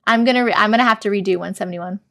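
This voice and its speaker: A woman hosting a live stream, chatting casually and warmly effusive as she reads viewers' comments aloud and answers them. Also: medium pitch, racing.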